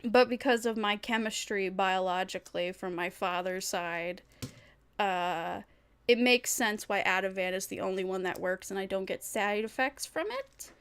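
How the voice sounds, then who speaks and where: A woman's voice: mid-range voice, normal speed, a bit bright, clean tone. A woman VTuber chatting casually on a livestream, rambling and thinking aloud with frequent giggles. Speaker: VTuber streamer.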